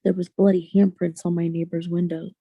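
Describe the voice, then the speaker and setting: A young adult woman, a podcast guest, telling a personal story in an earnest, halting way with many restarts. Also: fairly low pitch, level tone, husky, no room sound, narrow, tinny audio.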